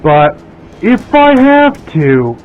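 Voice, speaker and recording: A man narrates his workshop project in an unhurried, meandering way, thinking out loud as he goes. His voice sits a little high. It comes through a tinny, phone-like headset sound with faint music in the background. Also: big pitch swings. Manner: rambling, thinking aloud. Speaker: blacksmith vlogger. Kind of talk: casual workshop commentary.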